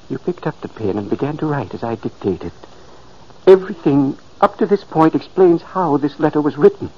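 A man's voice: high-pitched, a little mellow, a little hiss or hum. An actor playing the earnest, pleading spirit of a dead older man in a 1940s radio drama. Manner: solemn, urgent narration. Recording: muffled old radio recording.

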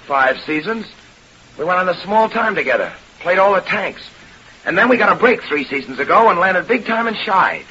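A man's voice: high-pitched, expressive, moderate pace, bright, forceful tone, breathy edge, full character voice. A man playing a brash young vaudeville dancer who talks in blustering, ungrammatical slang, in 1930s radio acting. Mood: defensive. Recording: lo-fi old radio recording with faint hiss.

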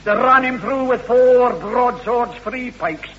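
An actor playing a canny Scottish laird with a lilting brogue and mock solemnity, in a comic radio play. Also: male voice, extremely high pitch, takes it slowly, fairly bright tone, slight background noise, heavily acted. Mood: sly. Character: wily canny old Scottish laird, feigning innocence. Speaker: castle owner selling his home. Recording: dull lo-fi old radio recording.

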